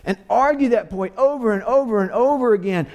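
A man with a high voice preaches to his congregation. He talks earnestly and repeats key phrases for weight. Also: a little fast, darkish tone, a little hiss or hum. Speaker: pastor. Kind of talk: sermon.

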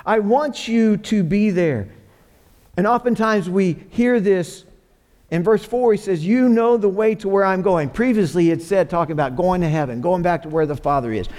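A man's voice: sits high, normal speed, a little mellow. A man preaching a sermon in a church, earnest and repeating phrases for emphasis. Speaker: pastor.

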